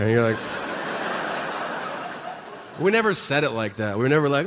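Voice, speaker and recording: A man's voice: medium pitch, expressive, fairly quick, long pauses. A man doing a stand-up set in a dry way, acting out bits of dialogue. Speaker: stand-up comedian. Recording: hall reverb, clear noise.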